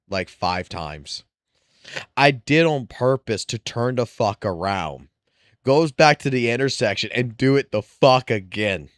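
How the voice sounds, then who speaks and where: A man's voice: on the low side, measured pace, dry recording, clean studio sound. Profane man telling a rowdy story. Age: adult with wife and children. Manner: profane, rambling, laughs through his own story. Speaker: live streamer. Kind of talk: casual storytelling on stream.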